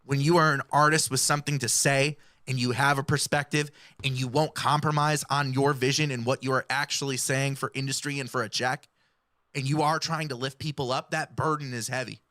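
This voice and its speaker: A man's voice: mid-range voice, fairly even intonation, fairly quick, pushed and bright, no echo, clean studio sound. A man giving earnest, explanatory hip-hop commentary and breaking down lyrics. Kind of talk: analytical commentary.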